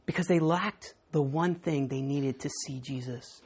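A woman pastor preaching a sermon, emphatic, often repeating words and swinging between loud and hushed. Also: deep voice, unhurried, husky.

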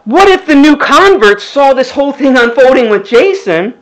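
A man's voice: very high-pitched, lively intonation, normal speed, a bit bright, poor audio. A middle-aged male pastor giving a conversational sermon, full of rhetorical questions.

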